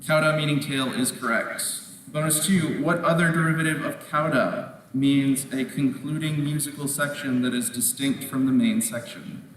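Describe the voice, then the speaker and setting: Male quiz moderator, measured and methodical, in a big roomy hall with a distant mic. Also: fairly high pitch, steady tone. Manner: measured, repeats questions and rules on answers. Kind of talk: reading quiz questions aloud. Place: large indoor competition hall. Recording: echoey hall from far off, faint noise.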